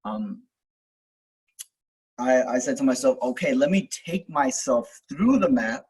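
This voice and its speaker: A man's voice: medium pitch, lively intonation, a little slow, darkish tone, breathy edge, poor audio. A young man telling a personal story in casual, rambling talk, full of fillers, restarts and swearing, as host of a self-help video.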